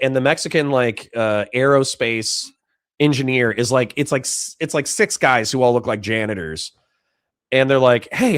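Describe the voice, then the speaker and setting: A man hosting a reaction show in casual commentary, animated and profane. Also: medium pitch, dry recording, clean studio sound. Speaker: host.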